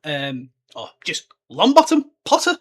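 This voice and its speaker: Lively, rambling young man. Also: fairly high pitch, a little slow, slightly rough. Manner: chatty and rambling, full of fillers. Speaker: podcast host. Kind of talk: casual solo book discussion.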